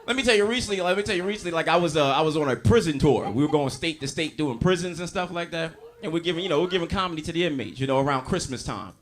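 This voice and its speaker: Brash, bright-voiced stand-up comedian man. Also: fairly high pitch, animated, racing, hardly any pauses. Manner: brash, profane, addresses the crowd directly. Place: comedy stage before a live audience. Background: audience laughter.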